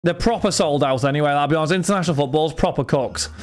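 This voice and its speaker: Scouse young man, card break streamer, rambling casual chat, slightly high voice. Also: fast talker. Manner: rambling, chatty, talks to chat and friends.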